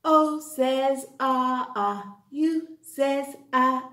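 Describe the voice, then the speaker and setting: A woman teaching young children their letters, her high voice swooping up and down in a lively sing-song. She speaks slowly and answers each question herself, and the room around her echoes. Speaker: phonics teacher. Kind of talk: online phonics lesson for young children.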